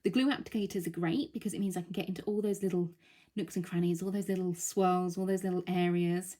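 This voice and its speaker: A woman's voice: on the low side, fairly even intonation, quick pace, dark tone. A woman, a bit out of breath from being unwell, chatting through a live craft demonstration with a reassuring manner. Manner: chatty, reassuring, thinks aloud with many ums. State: out of breath, recovering from illness.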